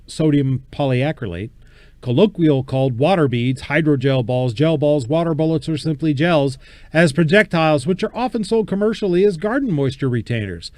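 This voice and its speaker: A man's voice: on the high side, a little mellow, dry recording. A man hosting a casual show, speaking bluntly with casual swearing and reading news items aloud. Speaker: show host.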